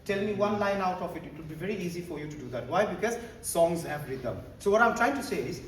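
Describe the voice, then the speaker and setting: A man running a lively teacher-training workshop, mixing in Hindi phrases and getting the audience to repeat after him. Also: sits high, quick pace. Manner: animated, mixes Hindi phrases into English, gets the audience to repeat and clap. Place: large echoey hall with an audience. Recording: echoey hall, voice far from the mic, background noise.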